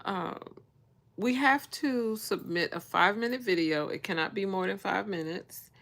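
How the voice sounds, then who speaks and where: A woman's voice: medium pitch, moderate pace, fairly bright tone. An American woman in her sixties hosting a casual livestream from her bedroom on her phone, chatting with viewers and reading their names aloud. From United States. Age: 60s. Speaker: vlog host.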